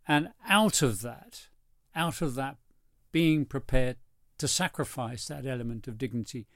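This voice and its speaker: An interviewer thinking aloud in a conversational interview, pausing and restarting. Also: mid-range voice, fairly bright tone, no echo, clean studio sound.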